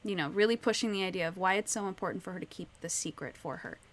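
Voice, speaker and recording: This woman talks fast in a fairly low voice, chatting casually about a book. Animated as she retells scenes, she leans heavily on "like" and "you know."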